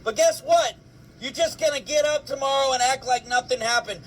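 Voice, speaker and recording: A man angrily ranting to camera, swearing, shouting and firing off rhetorical questions. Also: extremely high pitch, brisk, a little hiss or hum, poor audio. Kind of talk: angry rant to camera.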